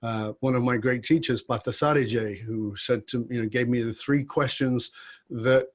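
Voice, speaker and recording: A man's voice: medium pitch, fairly even intonation, moderate pace. A man hosting a conversational interview, speaking reflectively and building to emphatic questions. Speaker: podcast host.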